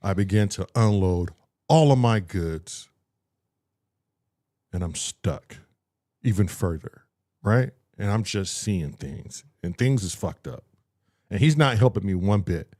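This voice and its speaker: A man's voice: low voice, takes it slowly, pauses often. A man casually telling a story on a talk show, acting out what people said and swearing freely. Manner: animated, acts out voices in his story. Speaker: podcast co-host telling a story.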